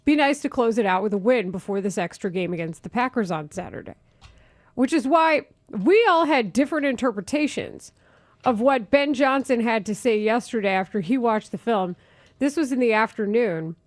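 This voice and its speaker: A woman hosting a sports talk radio show, brisk and opinionated, quick to laugh. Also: on the high side, lively intonation, dry recording.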